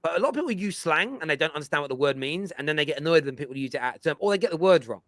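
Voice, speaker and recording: Man, football talk host, emphatic, lecturing, bright tense voice, dry close mic. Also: on the high side, lively intonation, very fast, no room sound. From England. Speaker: football fan show host. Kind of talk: casual football chat.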